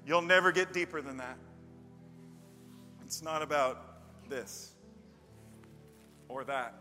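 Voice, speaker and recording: A male pastor preaching a sermon in a church, telling stories emphatically and building to loud peaks. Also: on the high side, takes it slowly. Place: church with a live band. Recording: long reverb of a large hall. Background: faint band music.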